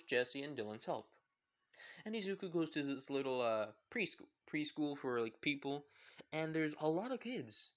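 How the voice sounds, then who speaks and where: A man casually retelling a fan story, rambling with lots of fillers and self-corrections. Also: fairly high pitch.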